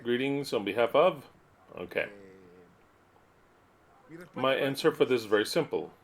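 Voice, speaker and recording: A man's voice: medium pitch, a little slow. A man preaching to his listeners in an earnest teaching style, repeating his points and reading aloud and explaining them.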